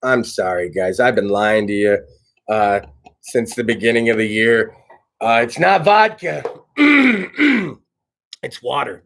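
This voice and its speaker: A man's voice: mid-range voice, very animated, takes it slowly, creaky, long pauses, fairly bright tone. A man hosting a casual talk show, delivering a brash, profane monologue and laughing at his own jokes. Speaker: host.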